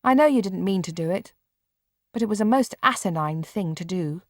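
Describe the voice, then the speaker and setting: A woman reader voicing a bedridden boy who is blunt, brusque and quick to scold. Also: medium pitch, lively intonation, dry recording, studio quality, natural voice. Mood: stern.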